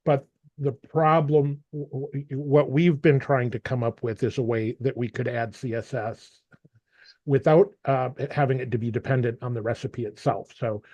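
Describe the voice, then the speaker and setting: A man's voice: medium pitch, steady tone, normal speed, dark tone, no room sound, dull audio. A man running an online meeting over a video call, talking casually and often repeating words as he thinks. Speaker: meeting facilitator.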